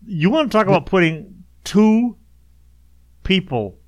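A man co-hosting a podcast in casual comedic chat, talkative and quick to laugh. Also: a little high, no room sound. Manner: laughs often, chatty, swears. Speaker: podcast co-host.

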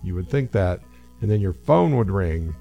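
Casual podcast guy, gravelly, rambling anecdote, faint music underneath. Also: deep voice, expressive, normal speed, mellow, muffled recording. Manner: rambling storyteller, acts out quotes. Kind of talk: casual chat.

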